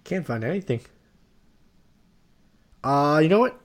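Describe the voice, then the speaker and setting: A man co-hosting a podcast, joking loudly and crudely with a friend in casual banter, often trailing off mid-thought. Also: fairly high pitch, big pitch swings, measured pace.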